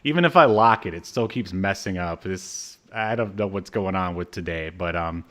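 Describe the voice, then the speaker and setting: A man's voice: deep voice, normal speed, a bit bright. A man co-hosting a podcast, recapping a cartoon in casual chat, with lots of fillers and wry asides. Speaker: podcast co-host.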